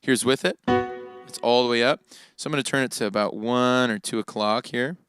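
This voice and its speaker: A man teaching worship keyboard in a relaxed, casual way, often tagging his points with "right?". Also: medium pitch, fairly quick, over music. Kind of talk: casual instructional talk. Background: keyboard playing.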